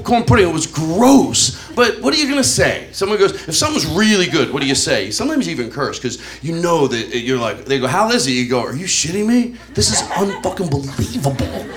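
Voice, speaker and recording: A man performing a crude, animated stand-up set, acting out the people in his stories. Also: fairly high pitch, fairly quick. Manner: animated, acts out characters, crude. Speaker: stand-up comedian. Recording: live club recording with audience noise. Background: audience laughter.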